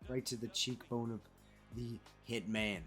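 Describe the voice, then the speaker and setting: A man giving casual, animated play-by-play commentary over a wrestling video game he is playing, calling players "brother". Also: medium pitch, a little slow, soft background music. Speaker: gaming commentator.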